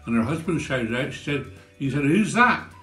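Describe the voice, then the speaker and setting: A man's voice: mid-range voice, brisk. A man, telling comic village stories in a chatty, folksy way. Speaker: storyteller. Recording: roomy with faint guitar.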